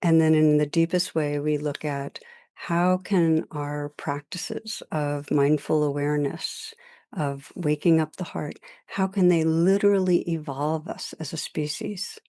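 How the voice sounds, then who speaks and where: Brief: woman meditation teacher, low warm voice, unhurried and gentle. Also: steady tone, dry recording, studio quality. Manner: slow, gentle, contemplative. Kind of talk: reflective spoken introduction.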